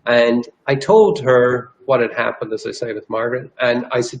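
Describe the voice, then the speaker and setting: A man's voice: medium pitch, fairly even intonation, normal speed, highs cut off, a little hiss or hum. A man from Ireland, a guest energy healer telling a personal story in an interview, earnest and rambling, with restarts. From Northern Ireland.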